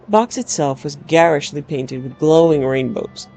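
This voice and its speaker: A woman's voice: low voice, normal speed, dark tone, a little hiss or hum. A woman narrating a first-person story aloud in a wry, dramatic storytelling manner. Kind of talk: storybook reading.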